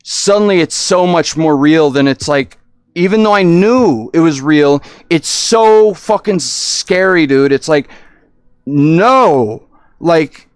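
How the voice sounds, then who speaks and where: A young man streaming, telling a long personal story in a halting, rambling way full of restarts and swearing. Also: fairly high pitch, lively intonation, smooth, no room sound, studio quality.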